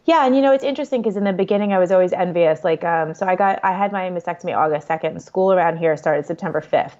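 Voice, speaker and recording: A woman in her forties speaks quickly and candidly as an interview guest. Her words tumble out with many fillers. The audio is dull and lo-fi. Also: lowish voice, a little mellow. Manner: fast, candid storytelling with frequent fillers. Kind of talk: conversational interview.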